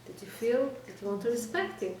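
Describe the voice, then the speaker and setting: A woman's voice: a little high, sing-song. Exhorting woman teacher in an echoey room. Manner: direct and exhorting, checks in with "okay?"; trades quick replies with listeners. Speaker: religious teacher giving a weekly class. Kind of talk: informal lecture to a small group. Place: classroom with listeners present. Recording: echoey room, distant mic, faint background noise.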